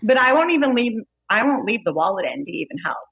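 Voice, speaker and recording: A woman's voice: on the high side, fast talker, vocal fry, slightly rough, no room sound. Guest: playful female bartender, storytelling energy, thin phone-line sound, dry. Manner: lively, playful, laughs while telling stories. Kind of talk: casual storytelling interview.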